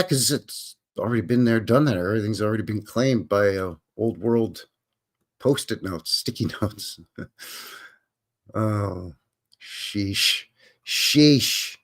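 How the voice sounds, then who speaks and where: A man's voice: on the low side, animated, takes it slowly. A man hosting a live stream. He reads articles aloud and rambles through wry, skeptical, joking asides. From Canada. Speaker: host of a live stream show.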